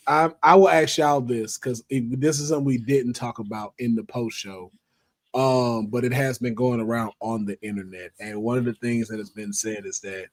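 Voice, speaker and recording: A man's voice: mid-range voice, no room sound. A man co-hosting a wrestling podcast in casual chat, teasing and playful. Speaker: podcast co-host.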